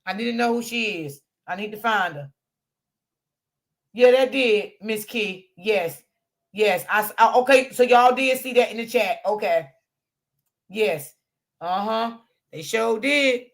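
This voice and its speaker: Loud high-voiced woman livestream host. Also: measured pace, pauses often. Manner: loud, laughing, profane, talks to chat. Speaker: commentary channel host. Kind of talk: casual livestream commentary.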